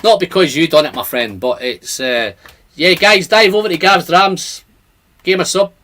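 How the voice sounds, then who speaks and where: Guy chatting on a home livestream, fairly high voice, reads out the chat. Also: normal speed, pushed and bright. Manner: chatty, reads viewer comments aloud. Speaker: whisky channel host.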